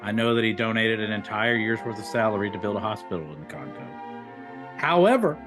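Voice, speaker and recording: A man's voice: on the low side, lively intonation, brisk, music in the background. A man co-hosting a podcast in casual chat, easygoing and jokey. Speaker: podcast co-host.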